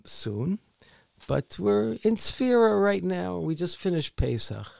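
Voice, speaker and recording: Slow gravelly man, halting author. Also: sits high, sing-song, darkish tone, no echo. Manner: halting, repeats words often. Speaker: author being interviewed. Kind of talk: conversational interview.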